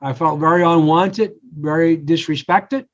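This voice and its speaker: Animated older man, dull recording. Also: on the high side, moderate pace. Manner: animated storyteller, acts out quotes. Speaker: podcast guest, coach. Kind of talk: casual interview talk. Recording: slightly dull lo-fi audio.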